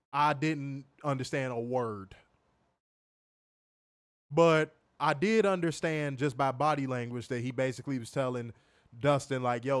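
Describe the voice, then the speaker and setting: A man's voice: fairly high pitch, clear, resonant tone, dry recording. A man hosting a live wrestling review stream, talking casually and profanely, repeating himself and reading viewer comments aloud. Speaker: wrestling show reviewer on a livestream.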